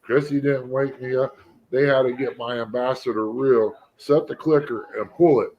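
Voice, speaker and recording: A man's voice: mid-range voice, fairly even intonation, moderate pace. Easygoing man, lo-fi sound. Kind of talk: casual chat. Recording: dull lo-fi audio.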